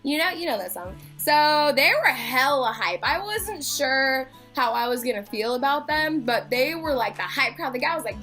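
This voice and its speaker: A young woman tells a rambling concert story straight to her vlog camera. She sits high in her register, chatty and loose with her swearing. Faint music plays quietly in the background. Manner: chatty, swears freely, acts out quotes, laughs. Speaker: concert vlogger.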